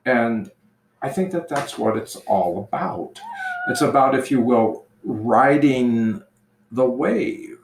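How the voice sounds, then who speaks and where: A man who is a priest, telling a personal story slowly and gently in casual conversation. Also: mid-range voice, animated, slight background noise. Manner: slow, gentle storytelling with restarts. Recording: echoey room.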